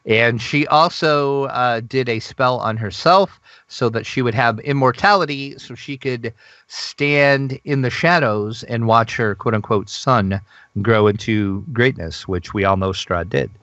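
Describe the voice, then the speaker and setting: Male co-host, excitable and gushy, casual gaming news chat; dry close sound. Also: medium pitch, unhurried, no echo, highs cut off. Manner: excitable, gushing, laughs often. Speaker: podcast co-host.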